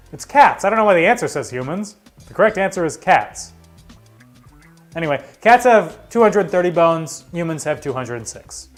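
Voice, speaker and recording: A man hosting a live trivia show, reading out answers with jokey, sarcastic asides. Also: on the high side. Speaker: trivia game host.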